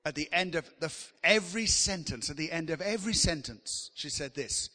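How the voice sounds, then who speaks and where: A man's voice: fairly high pitch, expressive, moderate pace, sharp tone, big-room sound. A man preaching a sermon in a chatty, joking way, teasing the congregation.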